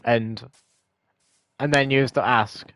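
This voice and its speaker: A man's voice: medium pitch, steady tone, slow, a bit bright, slight background noise. A British man streaming a game, chatting casually with viewers in rambling, hesitant explanations that often correct themselves. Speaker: gaming streamer.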